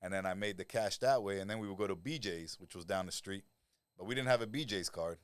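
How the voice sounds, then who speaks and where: A middle-aged man with a lowish voice, guesting on a podcast as a lifestyle coach. He tells his stories with a lot of animation and swears without a second thought. The sound is close and dry, with no room around it. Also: fast, smooth, no echo. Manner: blunt, animated storyteller who swears freely and acts out quoted voices. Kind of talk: casual podcast conversation.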